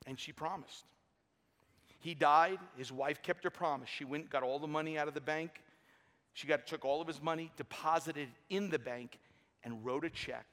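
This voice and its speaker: A man's voice: fairly high pitch, sharp tone, slight background noise. A middle-aged man preaching a sermon with energy and humor in a large church. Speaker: pastor. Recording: long hall reverb.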